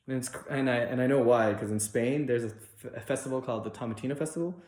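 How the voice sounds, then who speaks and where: A young man performs loose, unrehearsed stand-up, rambling with constant fillers and restarts. He jumps into high, mocking voices to act out the people in his stories. His voice has an ordinary middle pitch and carries the echo of a roomy space. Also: fast talker, few pauses, a little mellow. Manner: rambling storytelling with many likes and restarts; acts out other people in raised mock voices. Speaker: stand-up comedian.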